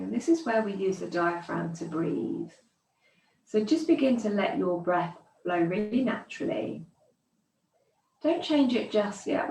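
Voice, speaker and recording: Slow, calm woman guiding yoga breathing. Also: mid-range voice, creaky. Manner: slow, calm, soothing counting cues. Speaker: yoga teacher. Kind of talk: guided breathing instruction. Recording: echoey room, distant mic.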